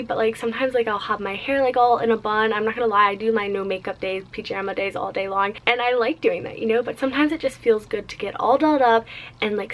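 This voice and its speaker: A woman's voice: medium pitch, poor audio. A bubbly young woman talks straight to her viewers in a casual lifestyle vlog. She sounds upbeat and friendly, and she sprinkles her sentences with "like" as she goes. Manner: bubbly, upbeat, heavy use of "like". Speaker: lifestyle vlogger.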